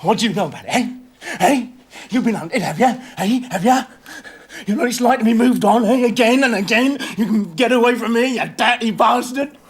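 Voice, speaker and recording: A man's voice: very high-pitched, fairly quick, exaggerated voice. A desperate cornered gunman. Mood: bitter. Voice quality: rough, menacing, volatile. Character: desperate cornered male gunman holding a hostage. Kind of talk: television police drama acting.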